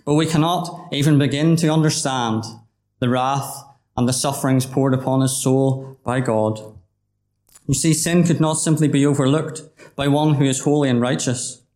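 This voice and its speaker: A man's voice: medium pitch, normal speed, darkish tone. Earnest man preaching in an echoey hall. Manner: earnest, addresses listener directly as "my friend". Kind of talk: gospel sermon. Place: gospel hall. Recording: roomy hall echo.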